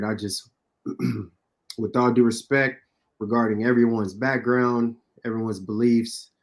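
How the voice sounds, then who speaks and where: An American man co-hosting a sports podcast, earnest and halting, clearing his throat as he speaks. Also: lowish voice, darkish tone. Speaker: podcast co-host. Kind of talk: casual podcast talk and spoken prayer.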